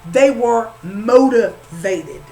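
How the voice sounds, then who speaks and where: A woman's voice: on the high side, expressive, very slow, darkish tone, soft background music, poor audio. A woman, giving a casual spiritual reading in a conversational, repetitive and emphatic way. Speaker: spiritual reader.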